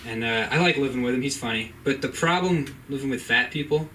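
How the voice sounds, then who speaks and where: A young man doing open-mic stand-up in a comedy club, rambling and deadpan. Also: medium pitch, fairly quick. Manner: laid-back, rambling, deadpan asides. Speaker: stand-up comic. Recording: distant mic, faint room noise.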